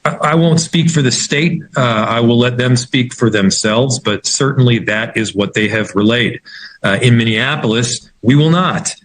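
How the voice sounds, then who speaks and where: A man who is a city mayor, answering an interview in a halting, measured way. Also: mid-range voice, fairly bright tone, low-quality recording.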